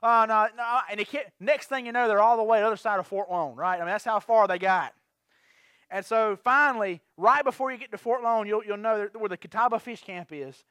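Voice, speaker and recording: High-voiced man preaching. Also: fairly quick, no room sound. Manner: rambling, lively storytelling with many restarts. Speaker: pastor. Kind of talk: storytelling sermon.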